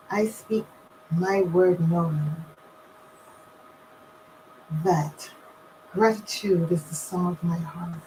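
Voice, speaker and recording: A woman from Barbados leading a calm, meditative invocation prayer. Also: on the low side, slight background noise, poor audio. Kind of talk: slow guided prayer.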